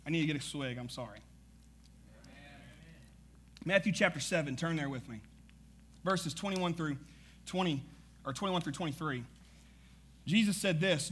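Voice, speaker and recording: A man preaching a sermon as pastor, energetic and conversational, with frequent asides to the congregation. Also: a little high, normal speed, long pauses, breathy edge.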